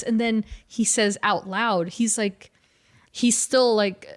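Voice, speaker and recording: Animated woman podcaster, laughs a lot. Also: medium pitch, takes it slowly. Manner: animated storytelling, laughing often, many fillers. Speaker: podcast co-host. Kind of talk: casual comics recap chat.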